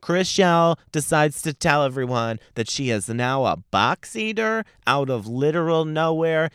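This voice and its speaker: A man's voice: mid-range voice, lively intonation, normal speed, hardly any pauses, a bit bright, smooth, dry recording, clean studio sound. A young man hosting a solo podcast, ranting in a sassy, profane, mocking way. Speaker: podcast host.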